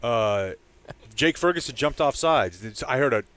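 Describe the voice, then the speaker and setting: A man chatting casually on a sports podcast. He tells a story with easy energy and breaks into loud shouts when he quotes fans in the stands. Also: mid-range voice, animated, normal speed, no echo. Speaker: podcast co-host. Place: training camp site.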